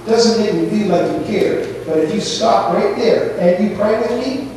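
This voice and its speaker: A high-voiced man preaches in a relaxed, conversational way, slipping into storytelling. His voice comes from well off the mic and rings through a big echoey church hall. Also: normal speed, far from the mic, slight background noise. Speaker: pastor. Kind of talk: sermon. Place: church sanctuary.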